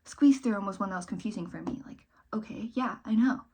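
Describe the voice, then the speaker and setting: A woman's voice: medium pitch, brisk, husky. Rambling young woman vlogger, half-whispered asides. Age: young adult. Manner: rambling, self-mocking, drifts between loud and whispered asides. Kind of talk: casual get-ready-with-me chat.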